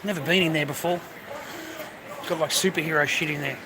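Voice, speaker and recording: Walking around a shopping area on a live stream, a man chats casually and keeps calling everyone "mate." His voice is fairly high with fairly even intonation and a slightly fast pace, and street and traffic noise fill the background.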